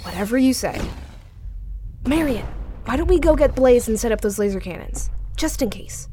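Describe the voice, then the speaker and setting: A woman voicing River, a loyal, helpful female sidekick who gently urges the hero to accept help. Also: on the high side, animated, normal speed, noisy background, close to an everyday voice. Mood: earnest. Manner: earnest, gently persuasive.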